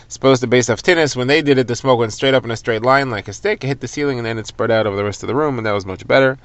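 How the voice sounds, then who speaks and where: A man's voice: medium pitch, rapid-fire, no echo. A man teaching a daily Talmud lesson, retelling it conversationally and glossing Hebrew terms in English. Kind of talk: daily Talmud lesson, explained for listeners driving.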